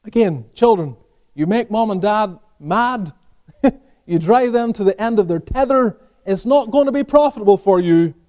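High-voiced man preaching a sermon. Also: lively intonation, moderate pace. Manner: preaches with rhetorical questions, rising emphatically then dropping quiet. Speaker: pastor.

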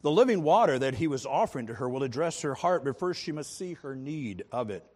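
A man's voice: medium pitch, big pitch swings, fairly quick, a little mellow. A male pastor preaching an earnest expository sermon, rising now and then to emphatic stress. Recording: long hall reverb.

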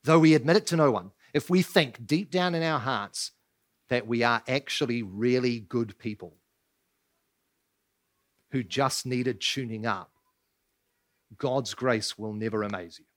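A man's voice: medium pitch, measured pace, pauses often. A man preaching a sermon as pastor, asking rhetorical questions and pressing his points with emphasis. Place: church.

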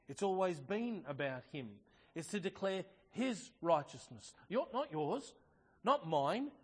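A man preaching a sermon, earnest and emphatic, reading scripture and building to forceful passages. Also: a little high. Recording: long hall reverb.

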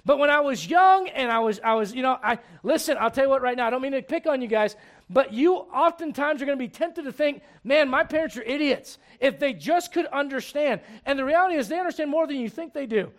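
A male pastor preaching a sermon with rhetorical questions, swinging between loud urgency and hushed gravity. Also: extremely high pitch, animated, quick pace. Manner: emphatic, many rhetorical questions.

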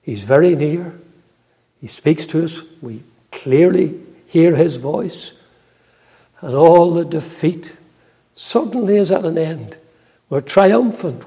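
An older man preaching a sermon in a church, earnest and unhurried, with frequent hesitant pauses. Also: on the high side, warm tone, slightly rough. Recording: long reverb in a large hall.

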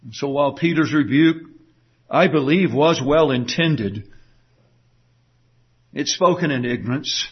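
A man's voice: measured pace, long pauses. A man preaching a sermon, emphatic, dramatizing quoted words. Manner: emphatic, dramatic quoting with wide swings of pitch. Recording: dull lo-fi recording.

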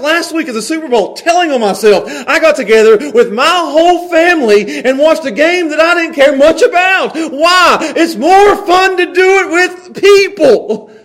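A man preaching a folksy sermon to a small church congregation, swinging from hushed earnest passages to loud, excited storytelling. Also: very high-pitched, moderate pace. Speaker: pastor. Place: small church, evening service.

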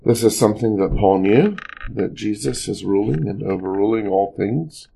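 Guy doing family worship devotional, super gravelly, dark mellow voice, reads then chats with lots of uhs. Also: fairly low pitch, moderate pace, slight background noise, rough recording. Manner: reads scripture with rising emphasis, then talks loosely with many fillers. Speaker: pastor.

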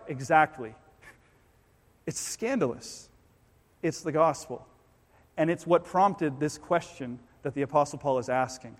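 A man preaching a sermon as pastor in a church. He swings between loud emphatic bursts and quiet low passages, and he acts out listeners' objections in quoted voices. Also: measured pace, long pauses. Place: church with a congregation. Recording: long reverb of a church hall.

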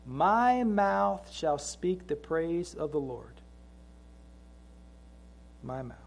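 A middle-aged man delivers a sermon in a notably high voice. He moves between relaxed, chatty family anecdotes and slow, weighty lines where he repeats phrases for emphasis. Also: creaky. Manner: conversational storytelling with slow emphatic scripture lines. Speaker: pastor.

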